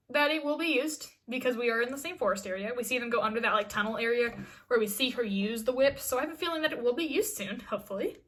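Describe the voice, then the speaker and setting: A woman's voice: on the high side, sharp tone. A woman casually recapping a TV episode in a chatty vlog, full of fillers and restarts. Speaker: TV episode reviewer.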